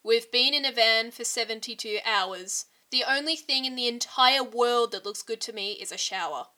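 A woman voicing an exasperated young man who answers curtly and flatly. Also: a little high, normal speed. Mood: grumpy. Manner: flat, irritated, curt.

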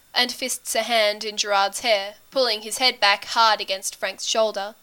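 A woman narrating a story as an audiobook reader, in a steady, intimate storytelling manner. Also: fairly high pitch, clean tone.

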